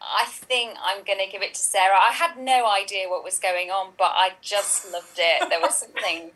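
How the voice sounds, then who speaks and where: A woman's voice: mid-range voice, steady tone, normal speed, fairly bright tone, rough recording. A woman judging an improv round in casual, hesitant chat. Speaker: guest judge.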